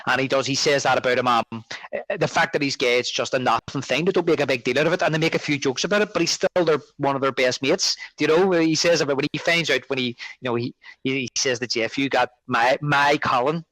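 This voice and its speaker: Guy rambling about a movie on a podcast, mid pitch, dry sound. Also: fast talker, a bit bright, no room sound, low-quality recording. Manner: rambling, many restarts and fillers. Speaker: podcast co-host. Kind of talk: casual film review chat.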